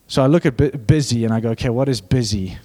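A young man preaching a sermon, animated and joking with the congregation, building to fervent emphasis. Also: mid-range voice, fast. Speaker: pastor.

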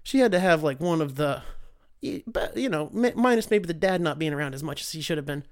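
Young man, slightly high voice, casual solo host, profane, sarcastic, rambling. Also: lively intonation, brisk, dry recording, studio quality. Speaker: podcast host.

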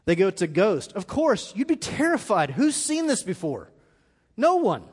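A man preaching a live sermon, his voice pitched high for a man and ringing through a large hall with a long reverb. He tells the story vividly, acting out the quoted lines and building in intensity as he goes. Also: huge pitch swings, moderate pace, breathy edge. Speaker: pastor. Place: church auditorium.

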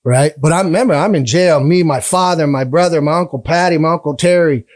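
A man telling animated stories in a casual interview. He acts out other people's voices, laughs often and swears freely. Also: fairly high pitch, brisk, dry recording. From Canada. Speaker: guest musician.

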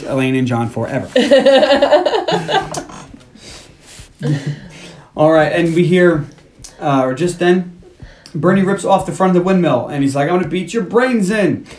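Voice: mid-range voice, a little hiss or hum. Laughing podcast host in an echoey room. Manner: laughing, profane, retells scenes with quick quoted voices. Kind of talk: casual movie recap chat.

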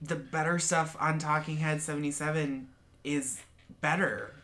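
Woman, slow unhurried speech, bright tone, dry teasing remarks. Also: low voice, steady tone. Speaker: podcast co-host. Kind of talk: casual podcast chat.

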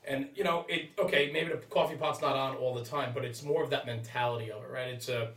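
A firefighter reflecting earnestly in a casual podcast discussion, with lots of filler words. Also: male voice, medium pitch, fairly even intonation, quick pace, fairly bright tone. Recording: roomy sound, distant from mic.

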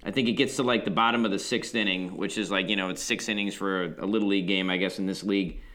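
A man's voice: low-pitched, fairly even intonation, fast talker, fairly bright tone. A man co-hosting a podcast, chatting casually and laid-back, chiming in and correcting details. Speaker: podcast co-host. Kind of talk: casual chat.

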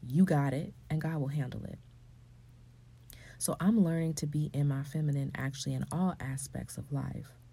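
Like a coach, a low-voiced woman offers a faith-based pep talk to other women at a moderate pace. Her tone is mellow and a bit husky, often going hushed and breathy, then climbing to loud, emphatic outbursts.

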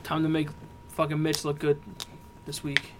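A man co-hosting a casual sports podcast, emphatic and quick to agree. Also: on the high side, monotone. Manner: emphatic, agreeing, laughs often. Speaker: podcast co-host.

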